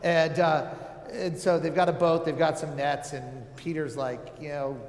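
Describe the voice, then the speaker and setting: A man's voice: a little high, steady tone, unhurried. A man giving a casual, conversational sermon, with joking asides and many filler words. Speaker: preacher. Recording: echoey hall with long reverb.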